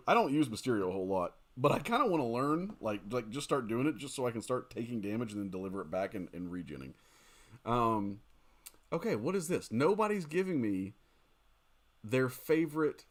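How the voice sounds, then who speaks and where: A male gaming streamer chats loosely with his viewers while he plays, dropping in "dude" and "um" as he goes. His pitch swings widely and his delivery stays lively and expressive. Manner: chatty and animated, talking to chat with fillers like "dude" and "um". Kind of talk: casual livestream chat while gaming.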